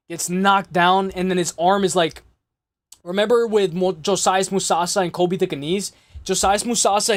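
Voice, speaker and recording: A man hosting a casual livestream, rambling and cursing as he makes fight picks, his voice hoarse and worn out. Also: sits high, no room sound. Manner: rambling, repeats himself, curses freely. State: lost his voice. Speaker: livestream host.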